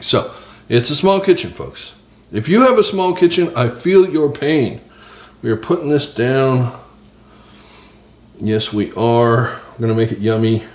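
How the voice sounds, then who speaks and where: Chatty man cooking in an echoey kitchen. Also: medium pitch. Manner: chatty, joking asides to viewers. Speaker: cooking channel host. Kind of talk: casual cooking vlog. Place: small home kitchen. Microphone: several cameras on the counter.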